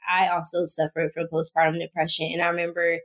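A young woman co-hosting a casual podcast chat, an animated storyteller who acts out quotes. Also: on the low side, quick pace. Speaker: podcast co-host.

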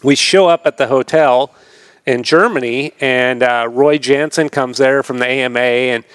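Middle-aged man, podcast guest, mid-pitched voice, dry close sound, casual rambling storyteller, acts out quotes. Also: moderate pace, a bit bright, clean tone, no echo. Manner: laid-back, rambling, laughs often, acts out quoted voices. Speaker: podcast guest, retired motocross racer.

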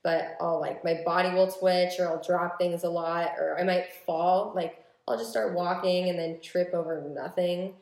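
A woman's voice: lowish voice, steady tone, moderate pace, few pauses, a little mellow, reverberant. A woman in her twenties telling a personal story in casual chat, full of filler words, recorded on a phone. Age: 20s. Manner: chatty storytelling with many "like" fillers.

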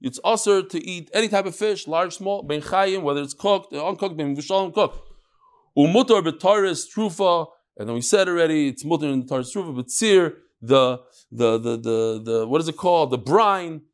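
Middle-aged male Talmud teacher, informal class, a touch high, explains point by point. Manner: explains step by step, with quick asides.

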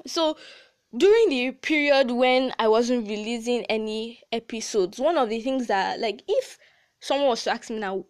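A woman's voice: on the high side, normal speed. A teenage girl with a Nigerian accent hosting a casual chat podcast, talking in a chatty, heartfelt way with many "like" fillers. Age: teens. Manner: chatty and emotional, frequent "like" fillers and laughs. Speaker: podcast host.

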